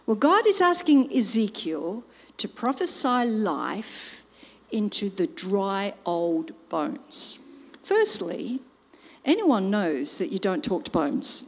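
A woman's voice: medium pitch, very animated, slow pace. An older woman preaching a sermon, telling a family story and acting out quotes and sound effects. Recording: long hall reverb.

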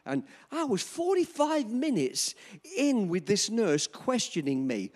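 A man in his seventies preaching a sermon, telling a personal story in an animated, chuckling way. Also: sits high, unhurried. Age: 70s. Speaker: pastor.

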